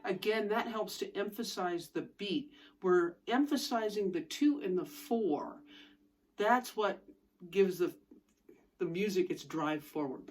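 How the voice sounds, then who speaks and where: A woman fiddle teacher explains bowing techniques step by step in an instructional lesson, playing the fiddle between her explanations. Her voice is medium in pitch and unhurried.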